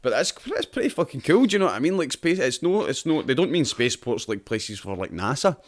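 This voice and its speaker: Scottish man, podcast host, casual chat, swears a lot, animated explanations, mid-pitched voice. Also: brisk. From Scotland.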